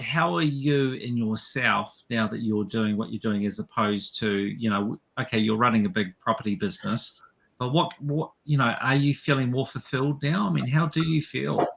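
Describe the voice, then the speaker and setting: Male New Zealander, interview host, relaxed, chatty and probing. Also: medium pitch, normal speed, creaky. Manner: friendly, laughs along, asks probing questions. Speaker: podcast host. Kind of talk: interview conversation.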